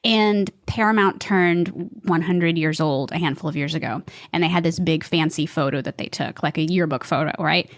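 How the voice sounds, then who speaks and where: A woman's voice: sits low, no room sound, studio quality. Chatty, laughing woman telling a story. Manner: chatty, laughing, quick shifts into quoted voices. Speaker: actress guest. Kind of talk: animated storytelling in an interview.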